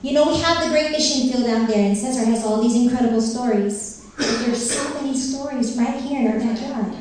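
A missionary speaker, a middle-aged woman from Northern California, delivers a heartfelt testimony in a very echoey church hall, recorded from afar. She speaks briskly in a fairly high, slightly mellow voice, earnest and laden with fillers, a few of them ums.

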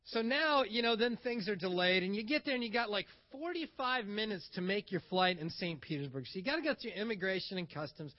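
A man telling a travel story in a casual, animated way, acting out the lines of the people he meets. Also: sits high, fairly quick, hardly any pauses, highs cut off. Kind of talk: casual spoken anecdote.

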